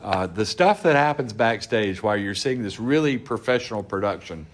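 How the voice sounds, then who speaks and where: Low-voiced man telling convention stories. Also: moderate pace, noisy background. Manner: relaxed anecdotal storyteller. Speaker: guest, convention organizer. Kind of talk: casual storytelling interview.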